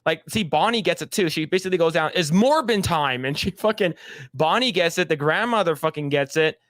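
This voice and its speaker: A man's voice: on the high side, fairly quick, a bit bright, dry recording. A man co-hosting a podcast, recapping a show in casual, profane chat and acting out the scenes in little voices. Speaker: podcast co-host.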